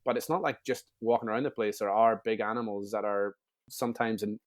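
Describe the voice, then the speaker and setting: A man's voice: on the low side, steady tone, a little fast. A man, telling stories as a guest in a casual interview, chatty and full of restarts. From Northern Ireland. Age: 30s.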